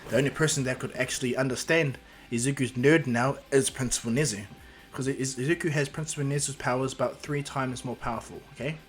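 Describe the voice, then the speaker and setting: A man casually retelling a homemade story, rambling along with restarts and asides. His voice is mid-pitched and plain, with faint music under it. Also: fairly quick.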